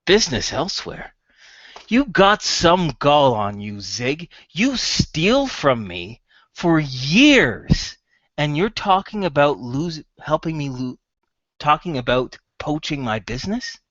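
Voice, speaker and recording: Man as gruff balding shop owner, blunt, scolding, dry slightly dull sound. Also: fairly high pitch, big pitch swings, slow, fairly bright tone, dry recording, exaggerated voice. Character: gruff middle-aged male shop owner, stern father.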